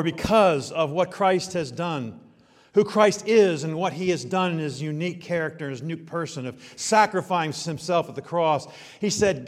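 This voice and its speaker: A middle-aged man preaching a sermon, swinging from loud emphasis to quiet asides. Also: on the high side. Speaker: pastor. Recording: reverberant hall.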